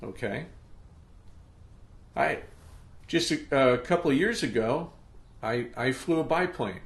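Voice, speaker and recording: A man's voice: mid-range voice, expressive, takes it slowly, gravelly. Emphatic motivational man in an echoey room. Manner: emphatic, pep-talk delivery with frequent "okay?" check-ins. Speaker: podcast host. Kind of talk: motivational podcast monologue.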